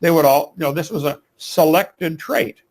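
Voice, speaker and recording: A man's voice: a little high, animated, normal speed, rough recording. A man arguing in a live debate, preachy and emphatic, firing rhetorical questions.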